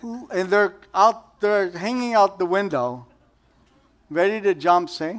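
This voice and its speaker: A middle-aged man delivers a sermon in a relaxed, conversational way. His voice sits high for a man, and he keeps it light with jokes and quick questions to his listeners. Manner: conversational, joking, asks the audience questions. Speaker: pastor.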